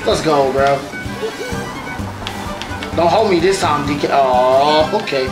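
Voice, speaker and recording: A woman streamer giving casual, animated commentary over gameplay, talking straight to her viewers. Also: low-pitched, takes it slowly. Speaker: gaming streamer. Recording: roomy echo with faint background music.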